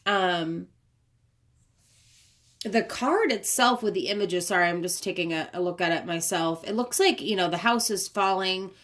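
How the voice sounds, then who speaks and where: A woman's voice: on the low side, moderate pace, a bit bright. A woman giving a casual spoken tarot reading, chatty and thinking aloud as she handles the cards, recorded on a propped-up phone camera. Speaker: tarot card reader. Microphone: phone camera propped up nearby.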